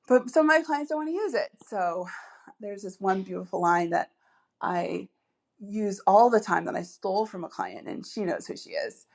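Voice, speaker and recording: A woman's voice: mid-range voice, normal speed, creaky. A woman hosting a solo podcast as a dating coach, chatty and upbeat, with many asides and fillers.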